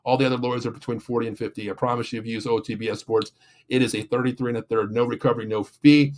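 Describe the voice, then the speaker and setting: A man's voice: medium pitch, flat delivery, rapid-fire. A man from the Pittsburgh area, hosting a sports show and venting in a rambling, casual rant full of fillers and restarts, then reading sponsor spots. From Pittsburgh area, USA.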